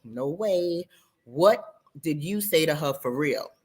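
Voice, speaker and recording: A woman voicing a flirtatious male banker friend who talks in a low near-whisper with bass and a dry, teasing manner. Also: expressive, slow, breathy edge, full character voice. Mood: skeptical.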